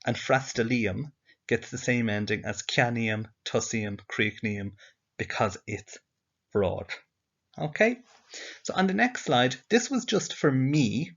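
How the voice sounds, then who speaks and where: A man's voice: mid-range voice, expressive, slow, vocal fry, fairly bright tone. A male teacher giving a slide-based language lesson, explaining patiently step by step and asking the learner questions. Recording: dull lo-fi audio.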